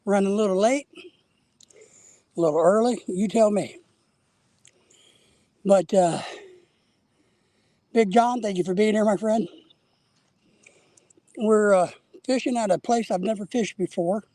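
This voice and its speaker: A man's voice: sits high, unhurried, long pauses, warm tone, no room sound. A man hosting a casual live stream while fishing outdoors at a lake, a little out of breath, rambling and greeting viewers by name.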